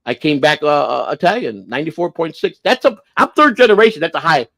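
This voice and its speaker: A man's voice: on the high side, animated, fast talker, vocal fry, a bit bright. A man around sixty telling a family story on a livestream, blunt and profane, repeating and restarting as he goes. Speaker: livestream host.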